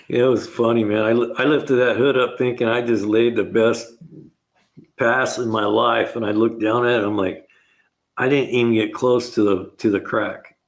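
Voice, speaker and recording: A man's voice: mid-range voice, flat delivery, moderate pace. An older man, a retired mechanic hosting a car repair show, telling rambling shop stories in a casual way, chuckling and acting out his own lines.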